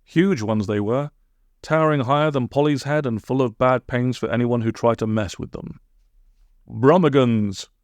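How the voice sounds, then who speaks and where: A man reading a comic storybook aloud, with deadpan asides. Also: mid-range voice, normal speed, dry recording, clean studio sound. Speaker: narrator.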